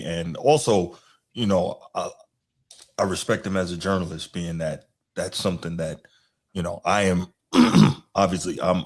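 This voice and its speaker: Deep-voiced man hosting with hesitant fillers. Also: a little mellow. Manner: hesitant, lots of "you know" and restarts. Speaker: podcast host. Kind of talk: casual chat.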